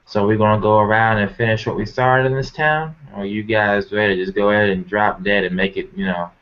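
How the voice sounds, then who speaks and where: A man's voice: lowish voice, fairly even intonation, brisk, close to an everyday voice. A man playing a blunt, cocky male farmhand brawler who talks in folksy threats, in a tabletop game. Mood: mocking. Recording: muffled lo-fi recording.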